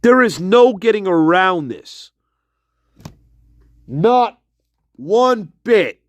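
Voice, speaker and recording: A man's voice: high voice, sing-song, extremely slow, no room sound. Man ranting with profane scorn. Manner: profane, mocking, with scornful laughs. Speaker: commentator. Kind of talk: angry ranting monologue.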